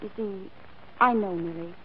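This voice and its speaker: A woman playing a shy, soft-spoken young woman. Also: medium pitch, normal speed, a little hiss or hum, close to an everyday voice. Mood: hesitant. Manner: hesitant, soft. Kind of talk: 1940s radio acting. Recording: muffled old radio recording.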